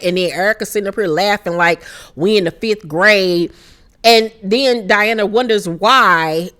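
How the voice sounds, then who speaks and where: A woman hosting a casual reality TV recap, talking fast and heated, blunt and heavily profane. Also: medium pitch.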